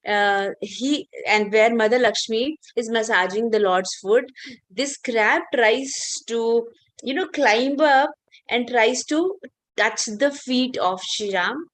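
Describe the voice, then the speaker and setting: A woman's voice: a little high, slow. A woman teacher telling a story in an online class, chatty with many fillers and questions to listeners.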